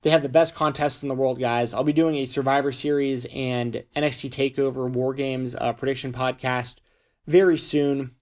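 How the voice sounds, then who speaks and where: A male podcast host running through sponsor plugs in a loose, conversational way. His voice sits in a middle pitch and is starting to wear out, and he trips and restarts his words now and then. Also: steady tone, moderate pace, darkish tone. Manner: chatty, stumbles and restarts words. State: losing his voice. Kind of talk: casual podcast sponsor reads.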